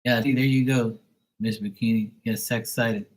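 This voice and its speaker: A man's voice: medium pitch, steady tone, normal speed. A man hosting a livestream, chatting casually and bluntly with viewers and swearing freely. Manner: profane, blunt, talks back to viewers. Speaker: livestream host.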